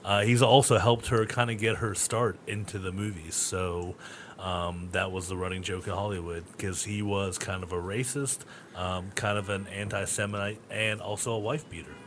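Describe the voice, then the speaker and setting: Man, co-host, lowish voice, relaxed banter, faint noise behind. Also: normal speed. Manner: easygoing, jokey banter. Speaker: podcast co-host. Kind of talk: casual comedy podcast chat.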